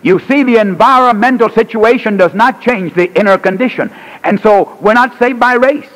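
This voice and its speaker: Male evangelist, high-ish voice, punchy revival preaching, long church reverb. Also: moderate pace. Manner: emphatic preaching with sharp swings in pitch and loudness. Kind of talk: revival sermon. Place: church sanctuary.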